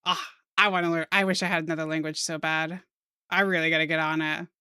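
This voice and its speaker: A young American woman streaming while she draws, chatting casually with her viewers in a soft-spoken, giggly way. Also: low voice, little pitch movement, fast, smooth, dry recording, studio quality. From United States.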